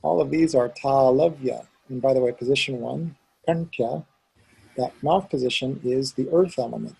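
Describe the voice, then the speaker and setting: A male teacher in a one-on-one pronunciation lesson, patiently demonstrating each sound aloud. His voice is gravelly and raspy, with a deep grainy texture. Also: normal speed, dark tone, low-quality recording.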